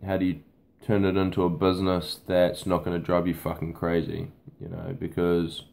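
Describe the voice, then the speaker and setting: A man's voice: low-pitched, completely flat delivery, normal speed, creaky, a little mellow. A man, a boot camp fitness trainer, talking off the cuff to camera in a blunt, casual way and swearing freely. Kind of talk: unscripted talk to camera.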